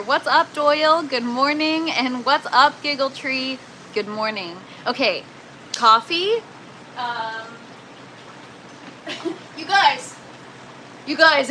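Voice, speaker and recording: A woman's voice: high voice, bright, forceful tone, slight background noise, low-quality recording. A young woman hosting a casual livestream, chatty and laughing often as she greets viewers by name from an indoor grow tent. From Canada. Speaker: livestream host.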